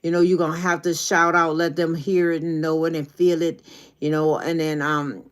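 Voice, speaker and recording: A woman's voice: low-pitched, flat delivery, moderate pace. Folksy woman. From New Orleans. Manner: folksy, preachy, encouraging. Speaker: YouTube coach. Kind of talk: casual livestream talk.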